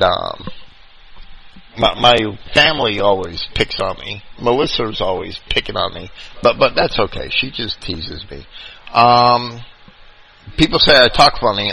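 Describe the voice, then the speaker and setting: A man with a New York accent hosting a call-in radio show, talking in a halting way and often repeating his words. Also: fairly low pitch, gravelly, bright, forceful tone, a little hiss or hum, rough recording. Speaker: radio host.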